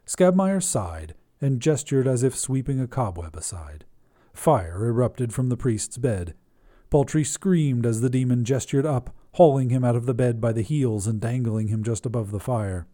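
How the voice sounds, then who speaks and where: A man hosting a flash fiction podcast, reading the story in even, measured narration. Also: medium pitch.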